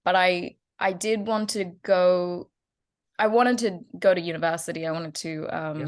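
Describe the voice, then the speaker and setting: A woman's voice: on the low side, steady tone, moderate pace. Chatty Australian woman in her twenties. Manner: chatty, laughs often. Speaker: guest actress. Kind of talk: casual interview chat.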